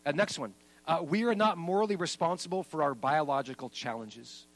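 A man preaching a sermon as pastor, making points with lively emphasis. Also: fairly quick, poor audio. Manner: lively and emphatic, then soft and low at the close.

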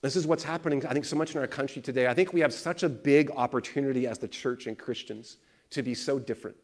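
This pastor talks fast in a mid-range voice, preaching through animated stories. Whenever he quotes someone, he acts out their voice.

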